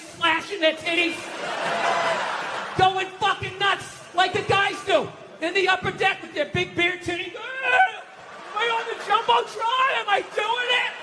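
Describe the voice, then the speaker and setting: A man doing a stand-up comedy set, ranting loudly and profanely, often shouting, on a large outdoor amphitheater stage with a handheld mic. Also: very high-pitched, very noisy. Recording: echoey live venue with roaring crowd. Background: audience laughing and cheering.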